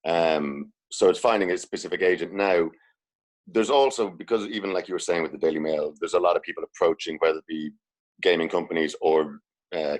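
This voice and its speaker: An Irish man with a very deep voice asks a guest friendly questions over a video call. He talks in a quick, easygoing way. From Ireland. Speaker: caller asking questions. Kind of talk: casual Q&A chat.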